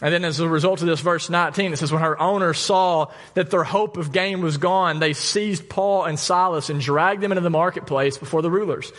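A male pastor preaching a sermon, telling a story with lively asides and jokes. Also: on the high side, a little fast, few pauses. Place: church.

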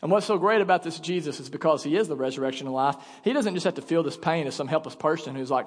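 A man's voice: a little high, quick pace, few pauses, in a large hall. A male pastor delivering a sermon in an emphatic, conversational way, speaking in a church sanctuary.

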